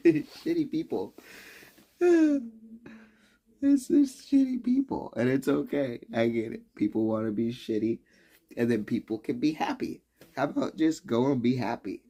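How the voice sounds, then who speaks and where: A man talking off the cuff on a live stream at an ordinary middle pitch. He rambles and swears freely, and he laughs often between his thoughts. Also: big pitch swings, a little slow, dark tone. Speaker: livestreamer. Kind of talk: casual live-stream rant.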